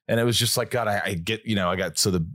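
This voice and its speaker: Rambling lower-voiced male host. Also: racing, no room sound, clean studio sound. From Southern Indiana. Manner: relaxed, rambling, swears casually. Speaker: podcast host. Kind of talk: casual podcast chat.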